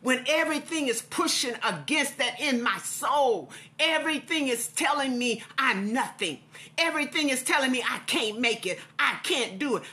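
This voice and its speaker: A woman's voice: sits high, lively intonation, normal speed, pushed and bright. A middle-aged woman preaching an impassioned devotional sermon with a repetitive cadence.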